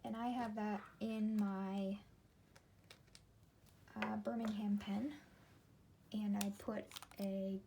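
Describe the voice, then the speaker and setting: A woman's voice: medium pitch, little pitch movement, takes it slowly, gravelly, long pauses, background noise. A woman in her thirties vlogging casually from her desk at home, chatty and meandering, often breaking off mid-thought. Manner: chatty, meandering, self-interrupting. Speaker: ink collection vlogger. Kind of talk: casual rambling vlog while swatching.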